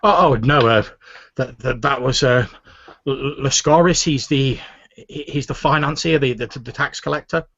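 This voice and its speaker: A man's voice: medium pitch, moderate pace, a bit bright, no room sound. A man voicing a nervous young town guard who stammers and keeps apologizing. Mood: flustered. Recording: muffled lo-fi recording.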